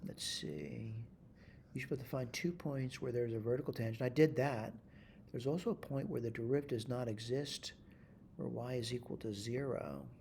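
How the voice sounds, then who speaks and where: A man with a mellow, dark voice walks through a math problem on screen. He thinks aloud and corrects himself as he goes, checking in with "all right?", with a middling pitch. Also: normal speed, a little hiss or hum. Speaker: math instructor. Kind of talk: screen-recorded math tutorial.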